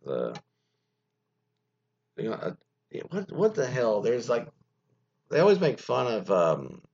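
A man's voice: mid-range voice, huge pitch swings, slow pace, gravelly, darkish tone, dull audio. A man hosting an internet radio show, reading an article aloud and rambling through asides with plenty of fillers. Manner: rambling, many fillers and asides, muttered side remarks. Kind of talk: casual solo commentary reading an article aloud.

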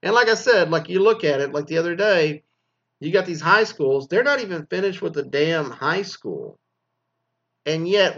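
In dull lo-fi audio, a middle-aged commentator from Texas's Dallas area delivers a profane, sarcastic rant reacting to the news. His voice is fairly high and a bit bright.

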